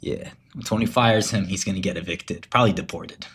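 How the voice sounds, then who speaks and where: A man with a deep, fairly quick and slightly bright voice chats casually on a livestream. The streamer is profane and rambling, telling stories with mock menace.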